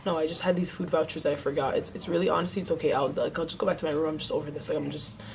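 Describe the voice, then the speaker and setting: A woman's voice: sits low, fairly even intonation, rapid-fire, creaky, a little mellow, slight background noise. A young woman vlogger telling a story in a casual chat, swearing freely and acting out what others said.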